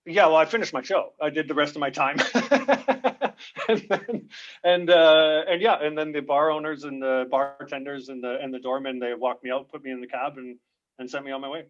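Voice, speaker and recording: A comedian with a fairly high voice, telling road stories on a podcast. He talks in lively bursts and laughs between lines. The sound is dull and lo-fi. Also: moderate pace. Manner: lively, laughs often, acts out shouts in his stories. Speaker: guest comedian. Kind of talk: animated storytelling in a podcast interview.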